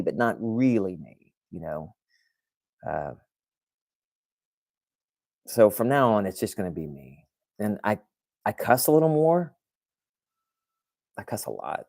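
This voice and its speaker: A man talks loosely to his live audience as host of his own podcast, often restarting his sentences and answering comments from chat. His voice sits on the low side. The sound is dry and close, with no room echo. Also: darkish tone. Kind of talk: casual livestream talk to viewers.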